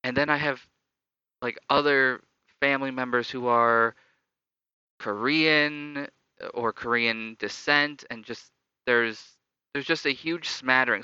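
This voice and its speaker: A man's voice: medium pitch, sharp tone, clear, resonant tone, dry recording. A young adult man casually telling stories about his upbringing, reflective and loosely rambling. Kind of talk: casual personal storytelling. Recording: slightly dull lo-fi dry recording.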